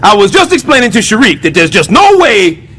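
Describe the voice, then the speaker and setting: An actor voicing a blustering middle-aged building super in an animated sitcom, boastful and sarcastic. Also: male voice, high voice, a little fast, soft background music, heavily acted.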